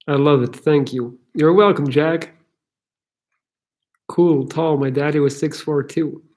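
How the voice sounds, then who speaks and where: A chatty man hosts a casual livestream Q&A, reading out viewer questions and answering them with easy jokes. His speaking voice sits a little higher than most men's. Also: slow, a little mellow. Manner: chatty and joking, laughs easily. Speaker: livestream Q&A host.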